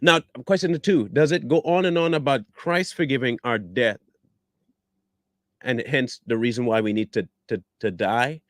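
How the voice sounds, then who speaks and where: A man's voice: mid-range voice, normal speed, a bit bright, no echo, clean studio sound. A man giving combative reaction commentary, blunt and scornful, firing rhetorical questions and repeating himself for emphasis. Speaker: online commentator.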